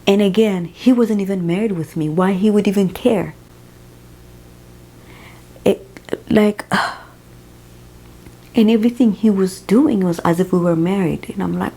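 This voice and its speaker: A young woman who is not a native English speaker, talking emotionally in a personal vlog, halting and sighing as she fights back tears. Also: medium pitch, vocal fry, mellow, poor audio. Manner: emotional, tearful, halting, with sighs. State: crying at times. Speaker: vlogger.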